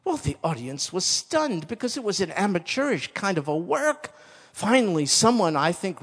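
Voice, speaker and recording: A man preaching a sermon, telling a story slowly and dramatically, building to loud emphasis. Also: a little high, lively intonation. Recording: long hall reverb.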